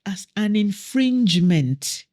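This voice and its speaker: A woman's voice: mid-range voice, lively intonation, takes it slowly, mellow. A woman guest on a podcast, a councillor and mother, telling personal stories in an earnest, reflective way. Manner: earnest, reflective, acts out family dialogue. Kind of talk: personal storytelling in conversation.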